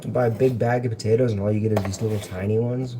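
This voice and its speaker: A man's voice: lowish voice, fairly even intonation, fast talker. A young man hosting a casual cooking livestream from his home kitchen, chatting in a rambling, jokey way as he works. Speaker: livestream host. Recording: noisy home livestream audio.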